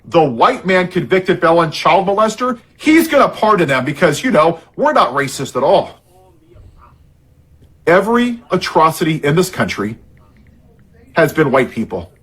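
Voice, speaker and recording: A man's voice: on the high side, very animated, moderate pace, fairly bright tone, husky. A man in an impassioned political rant, angry and heavily sarcastic, sounding worked up and frustrated. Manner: angry and sarcastic, heavy irony.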